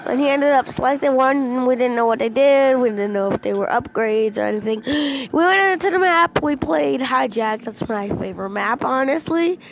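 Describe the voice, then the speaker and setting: A young female gaming vlogger casually telling a rambling story, excitable and breaking into shouts when she quotes people, into a headset mic. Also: high-pitched, moderate pace, gravelly, hardly any pauses, slight background noise.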